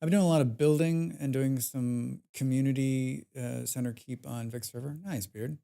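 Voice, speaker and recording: A man chatting casually on a live game stream, rambling with many fillers, reading chat aloud and growing animated as he recounts his play. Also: mid-range voice, normal speed, gravelly, smooth. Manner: grows animated when recounting gameplay.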